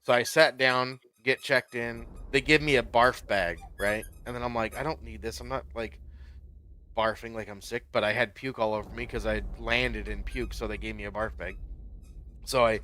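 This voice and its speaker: A man's voice: medium pitch, bright, forceful tone, smooth. A young man casually telling a long personal story while playing a game, rambling with many fillers and getting worked up. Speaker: Minecraft YouTuber.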